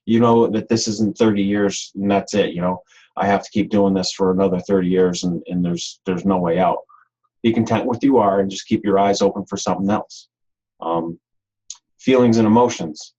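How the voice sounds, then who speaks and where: Husky low-voiced man giving a webinar. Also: normal speed, dark tone, muffled recording. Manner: rambling, repeats words, many ums. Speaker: webinar presenter. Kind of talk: unscripted webinar talk.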